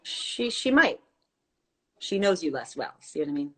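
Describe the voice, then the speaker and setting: A woman's voice: low voice, sing-song, measured pace. Wry, teasing woman in live banter. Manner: teasing, wry, banters and quizzes her friend. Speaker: actress. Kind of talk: casual chat on a live stream. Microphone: phone on a live video stream.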